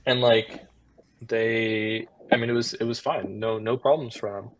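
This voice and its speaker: A man's voice: lowish voice, fairly even intonation, a little slow. A man in casual live stream chat, rambling with many fillers and laughing easily.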